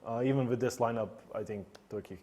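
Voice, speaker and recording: A man giving pre-match esports analysis in a hesitant way, with many pauses and fillers. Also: medium pitch, dark tone.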